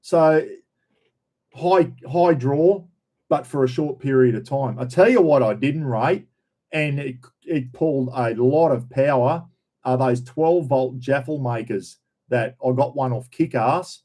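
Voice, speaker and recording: A man's voice: mid-range voice, unhurried, mellow. A middle-aged man with an Australian accent, hosting a casual livestream chat, rambling, repeating himself and greeting viewers. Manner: rambling, repeats himself, says "everyone" and "bloody". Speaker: livestream host. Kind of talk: casual live chat reading viewer names.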